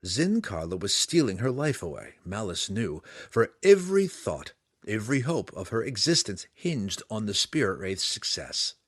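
A man narrating a fantasy audiobook with a dramatic, expressive reading. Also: lowish voice, normal speed, slightly rough, dry recording, clean studio sound.

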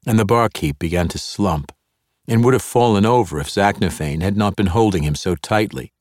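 Deep-voiced man narrating fantasy. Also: moderate pace, a little mellow, dry recording, studio quality. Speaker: audiobook narrator.

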